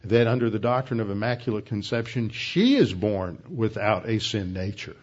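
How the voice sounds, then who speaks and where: A man with a lowish voice teaches through a sermon verse by verse. He is measured and explanatory and draws out the words he wants to stress. The recording sounds dull and lo-fi. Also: animated. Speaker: pastor.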